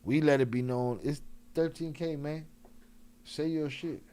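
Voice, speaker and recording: A man's voice: on the high side, fairly even intonation, measured pace, mellow, clean tone. A man hosting a live stream in loose, joking slang, laughing often, a few drinks in. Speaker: livestream host. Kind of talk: casual live-stream chat.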